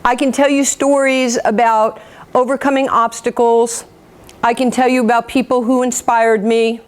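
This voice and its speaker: Woman in her 50s from new york, fired-up storytelling talk, fairly high voice, jokes at her own expense. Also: moderate pace. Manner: animated, acts out quotes, self-mocking humor. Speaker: motivational speaker. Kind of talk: motivational storytelling speech.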